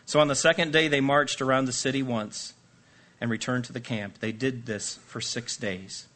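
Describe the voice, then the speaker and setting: A man preaching a sermon, reading scripture and acting out lively asides with playful voices. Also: mid-range voice. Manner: animated, jokey, acts out voices. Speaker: pastor.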